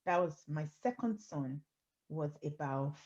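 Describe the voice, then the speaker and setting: A woman's voice: low-pitched, animated, a little slow, darkish tone, lo-fi sound. A woman in her forties hosting an interview, chatty and playful, teasing her guest. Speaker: host.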